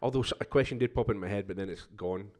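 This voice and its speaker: A man's voice: fairly low pitch, fast, darkish tone. A man co-hosting a podcast, joking and teasing in casual banter. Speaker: podcast co-host.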